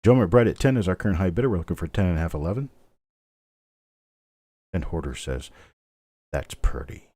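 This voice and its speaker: A man's voice: deep voice, very animated, brisk, long pauses, dark tone, no echo. A middle-aged man hosting a live online coin auction, calling bids steadily and chatting between lots. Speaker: auctioneer host.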